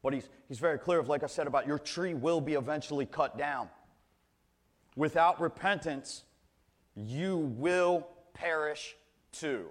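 An earnest man delivering a sermon in a voice pitched a little above the usual. He often doubles back on his words as he restarts phrases. When he wants a point to land, he slows right down and leans on each word. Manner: earnest, slows down hard to stress key words. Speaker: preacher.

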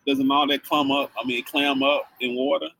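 A man co-hosting a casual podcast chat with his wife, teasing and animated. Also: mid-range voice, moderate pace, low-quality recording. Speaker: podcast co-host.

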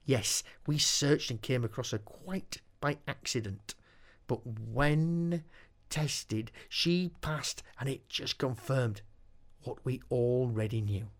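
A man's voice: medium pitch, slow pace, lightly acted. A man voicing a scornful old granny witch who mocks and taunts. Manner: scornful, mocking.

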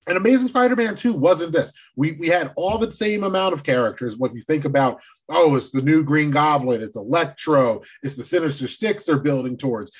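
Man, husky, fairly high voice, excitable, profane, casual movie chat. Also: a little fast. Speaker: podcast co-host.

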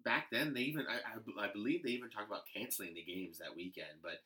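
A man co-hosting a casual sports talk show, with a lowish voice and a bright, forceful tone. He talks earnestly and agrees readily with his partner. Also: quick pace. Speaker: co-host.

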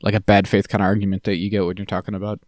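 A man co-hosting a podcast, chatting casually about a TV episode and jumping into animated impressions of the characters. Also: rapid-fire, dry recording, studio quality. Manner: animated, jumps high when mimicking characters. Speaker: podcast co-host. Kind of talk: casual chat recapping a TV episode.

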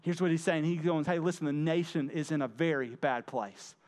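A man's voice: fairly high pitch, steady tone, brisk, a little mellow. A man preaching a conversational sermon, often stumbling over and repeating words as he acts out the lines he reads. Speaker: pastor.

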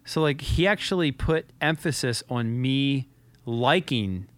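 Earnest guy on a podcast telling a story, smooth clear voice, keeps stumbling and repeating himself. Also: medium pitch, a bit bright, no echo. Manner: earnest, halting, repeats words. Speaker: podcast co-host.

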